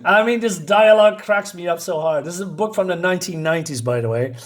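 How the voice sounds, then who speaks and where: A man's voice: sits high, quick pace. A man casually reviewing a comic book, hesitant with many fillers and frequent chuckles.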